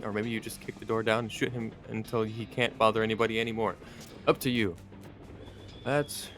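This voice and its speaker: A man's voice: on the low side, bright, forceful tone. A man streaming a game, reading its text aloud with wry, rambling asides. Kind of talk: let's play commentary reading game text.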